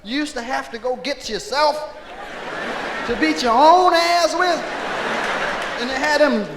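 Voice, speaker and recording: A man performing live stand-up comedy in a large hall, telling loud animated stories and shouting out character bits. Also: very high voice, unhurried. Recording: echoey live concert vinyl with crowd noise. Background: audience laughter and ambience.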